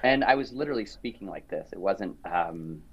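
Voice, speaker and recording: A middle-aged man, a singer being interviewed, telling stories in a lively way and acting out other people's lines. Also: deep voice, brisk, muffled recording. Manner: lively, acts out quoted voices, frequent restarts. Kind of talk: animated storytelling interview chat.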